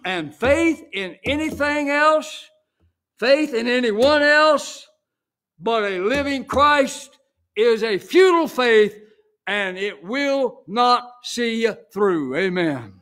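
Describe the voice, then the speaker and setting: A middle-aged senior pastor preaching an emphatic sermon, building to exclamations and punctuating points with "Amen.". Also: male voice, very high voice, animated, slow, a bit bright.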